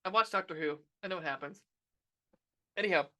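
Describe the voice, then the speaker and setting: A woman rants through a casual podcast movie review, sarcastic and swearing freely. Her voice is bright and sharp, with filler words and quick asides. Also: on the low side. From United States. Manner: ranting, sarcastic, swears a lot, frequent laughs and filler. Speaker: podcast host reviewing a film.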